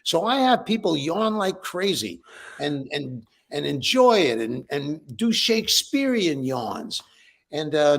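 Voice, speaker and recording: Older guy talking breathing and yawns, excited, voice jumps around a lot. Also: a little high, creaky. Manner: enthusiastic, repeats words when starting. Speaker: breathwork teacher and author. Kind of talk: interview answers.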